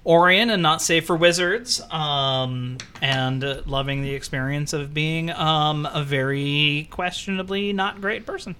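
A man's voice: on the high side, measured pace, few pauses, bright, forceful tone, slight background noise. A man co-hosting a casual podcast, joking and poking fun at himself. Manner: joking, self-mocking. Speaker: podcast co-host.

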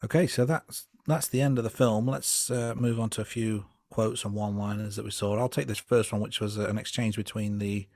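A man co-hosts a casual film review podcast, his voice a little low and sitting dry and close to the mic. He muses in a thoughtful, unhurried way, stopping often on small fillers. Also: dry recording. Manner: relaxed, thoughtful, hesitant with fillers. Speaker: podcast co-host.

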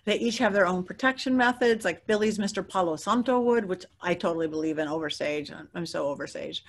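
A middle-aged woman, a guest psychic, telling stories in an interview in a lively way, laughing often and acting out the voices of others. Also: on the low side, fairly quick. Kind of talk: animated storytelling interview.

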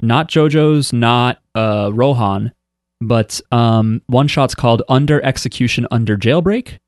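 A man's voice: mid-range voice, a little slow, no room sound, clean studio sound. A man co-hosting a podcast, talking in a rambling, chatty way full of fillers. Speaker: podcast co-host. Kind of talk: casual chat.

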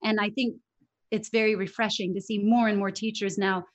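A woman speaking as an interview guest, her voice sitting at a middle pitch. She talks in an animated, emphatic way and keeps restarting her sentences. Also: fairly quick. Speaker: interview guest, English teacher trainer. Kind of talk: conversational interview.

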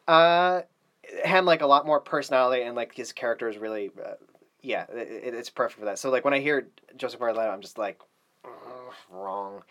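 A man's voice: mid-range voice, fast talker. A man co-hosting a podcast, chatting casually in a rambling way and swearing often. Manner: rambling and animated, swears a lot. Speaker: podcast co-host.

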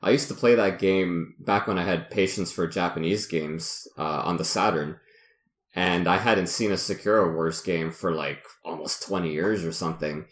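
A man's voice: low-pitched, moderate pace, roomy sound. A man co-hosting a podcast, joking and upbeat in casual chat. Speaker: podcast co-host.

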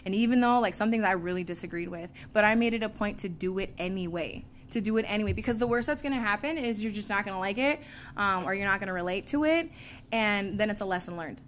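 A woman speaks to an audience in a casual, candid testimony, her pitch sitting in an ordinary middle range. She tells the story in an animated way, with frequent laughs and easy fillers. A faint hum of ambient noise sits beneath her voice. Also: fast. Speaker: speaker sharing a recovery story.

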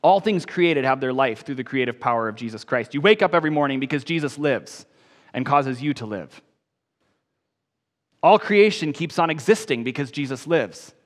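A man preaching a sermon as pastor, emphatic, rising on key phrases and then dropping soft. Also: medium pitch, expressive, moderate pace, in a large hall.

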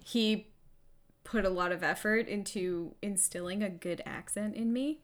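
A woman's voice: mid-range voice, a little slow. A woman in casual conversation, reacting with blunt, wry remarks and casual swearing. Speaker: podcast co-host. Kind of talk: casual chat.

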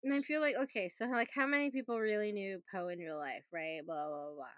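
A woman's voice: medium pitch, a little fast, no room sound, clean studio sound. A woman co-hosting a podcast, chatting casually about a film with many fillers and frequent laughter. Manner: chatty, lots of "like", laughs often. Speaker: podcast co-host. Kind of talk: casual movie review chat.

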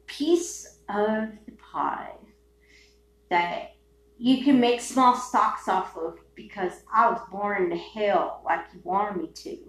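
A woman hosting a solo podcast, ranting in a rambling, profane way, dropping to mutters and then bursting into shouts. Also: mid-range voice. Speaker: podcast host. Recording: echoey room with faint hum.

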